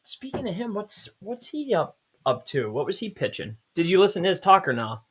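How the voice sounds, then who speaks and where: A man co-hosting a casual livestream, jumping in with quick questions and short reactions. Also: high voice, sing-song, fairly bright tone, slight background noise.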